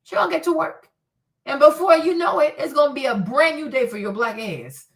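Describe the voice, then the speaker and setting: A woman hosting a livestream, giving blunt, profane, animated commentary. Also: high voice, brisk, creaky, recorded from a distance. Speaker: host.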